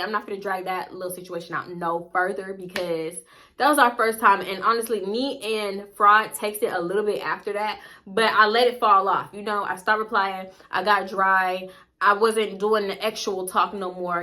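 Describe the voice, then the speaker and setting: Brief: young woman vlogger, bright and forceful tone, blunt, profane storytime delivery. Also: mid-range voice. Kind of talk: casual storytime.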